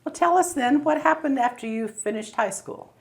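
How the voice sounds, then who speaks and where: A woman's voice: on the high side, expressive, moderate pace. A woman interviewing a guest, upbeat and prompting with questions. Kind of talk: friendly interview.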